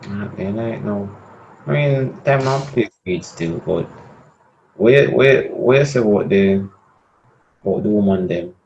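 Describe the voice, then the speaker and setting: A young Jamaican man co-hosting a podcast, speaking in a halting way and repeating words as he thinks. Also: on the low side, animated, gravelly, a little mellow, a little hiss or hum. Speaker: podcast co-host. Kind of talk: casual debate chat. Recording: dull lo-fi sound.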